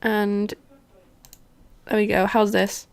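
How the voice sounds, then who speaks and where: A woman's voice: medium pitch, little pitch movement, slow, vocal fry, clean tone. Chatty, playful woman streamer. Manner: chatty, self-mocking and playful. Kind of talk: casual gaming livestream chat.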